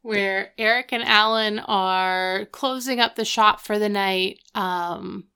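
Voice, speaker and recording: A woman with a smooth, clear voice recapping an episode in chatty, teasing podcast talk. Her pitch sits in the middle of the range. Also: fairly even intonation, takes it slowly, bright, forceful tone. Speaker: podcast co-host. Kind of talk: casual recap chat.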